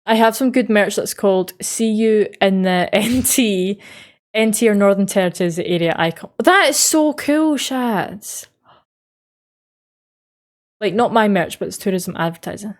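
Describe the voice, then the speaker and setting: A woman's voice: mid-range voice, moderate pace, a little mellow. Chatty Australian woman streamer. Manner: chatty and easygoing, answers chat messages, laughs often. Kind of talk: casual chat reading out live chat.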